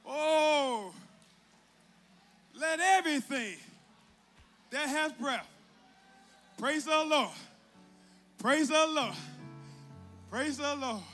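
In a large, reverberant church sanctuary with faint music, a host leads the congregation in energetic call-and-response, repeating his prompts. His extremely high, fairly bright voice moves extremely slowly and pauses often.

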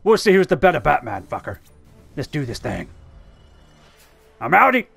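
A gamer giving excitable, sweary commentary over their own gameplay. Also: mid-range voice, moderate pace, creaky, husky, faint music behind. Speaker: let's play gamer.

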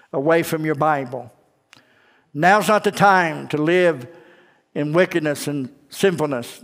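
Pastor preaching with twang, reverberant. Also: male voice, fairly high pitch. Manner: storytelling with acted dialogue, urgent exhortation. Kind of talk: sermon. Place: church sanctuary. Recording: long church reverb.

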